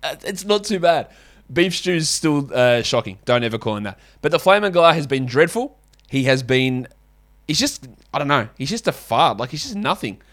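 A man's voice: medium pitch, big pitch swings, moderate pace, fairly bright tone. Blunt, sweary man. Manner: blunt, sweary, opinionated, casual. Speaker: podcast host. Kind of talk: solo basketball fantasy podcast.

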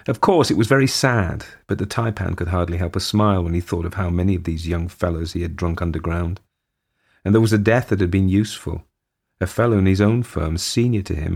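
Brief: man reading a short story aloud, measured pacing, a deep voice with a rough grain. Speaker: audiobook narrator. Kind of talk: scripted narration of a short story.

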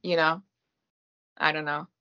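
Bright, chatty French Canadian woman. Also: sits low, level tone, a little slow, highs cut off. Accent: light French Canadian. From Gaspé, eastern Quebec, Canada. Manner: chatty, self-deprecating, many fillers. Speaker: actress guest. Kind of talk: casual interview chat.

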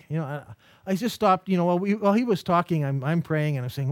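A man's voice: a little high, quick pace, no echo, studio quality. A man giving a Christian mission lecture in a conversational, storytelling manner, with rhetorical questions. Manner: anecdotal, acts out quoted dialogue while storytelling. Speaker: lecturer teaching a mission course.

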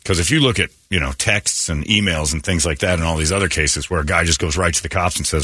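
A man hosting a morning radio show, telling stories in animated casual banter. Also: sits low, fast. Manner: animated storytelling with quoted voices.

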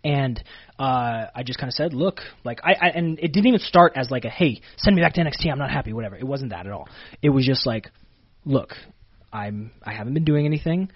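A man's voice: mid-range voice, a little fast, slightly rough, muffled recording. A man from Canada, a pro wrestler telling stories in a casual interview, full of fillers and restarts. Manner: animated storyteller, many fillers and restarts.

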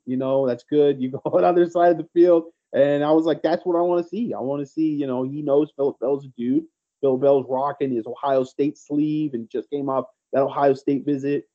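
A man's voice: medium pitch, dull audio. A man co-hosting a casual sports podcast, telling recruiting stories in a rambling, teasing way. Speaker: podcast co-host, recruiting analyst.

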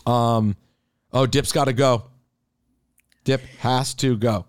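A man co-hosting a casual wrestling podcast, excitable and quick to rise in pitch when he argues. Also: clean tone, no room sound, clean studio sound. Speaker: podcast co-host.

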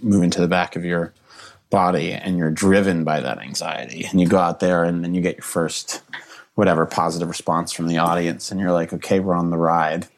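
A man with a low, deep voice chats as a comedian guest on a podcast. He talks earnestly and emotionally, stopping and restarting his sentences, leaning on fillers as he thinks aloud. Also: steady tone, creaky. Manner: halting, full of restarts and fillers. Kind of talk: casual podcast chat.

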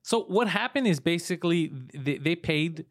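Man, high pitch, teasing, joking, casual banter. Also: animated, dry recording, studio quality. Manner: teasing, cracks quick jokes. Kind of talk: casual chat.

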